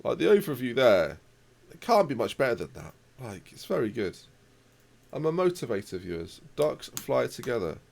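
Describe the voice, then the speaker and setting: A young man commentating live on his football management game, reacting loudly to the match and chatting to viewers. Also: mid-range voice, big pitch swings, moderate pace, gravelly.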